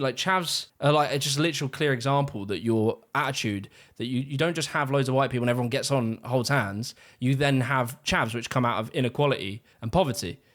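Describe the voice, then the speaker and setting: A man's voice: medium pitch, a bit bright. A man ranting sarcastically in exasperated, profane commentary on a video he is watching. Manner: sarcastic, exasperated, swears freely. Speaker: YouTube reaction commentator.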